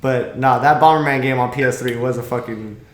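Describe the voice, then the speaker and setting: A young man hosting a podcast, excitable, swearing and saying "bro" a lot. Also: mid-range voice, a little fast. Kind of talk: casual podcast chat. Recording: echoey room, faint background noise.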